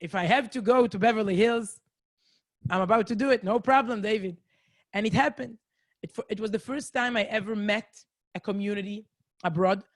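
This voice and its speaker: A woman's voice: medium pitch, fairly quick, dry recording, clean studio sound. A woman from Israel with an Israeli accent, giving a chatty, self-mocking talk to a community over a video call. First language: Hebrew. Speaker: guest lecturer. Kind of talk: lively storytelling talk to a community. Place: home in a city, indoors.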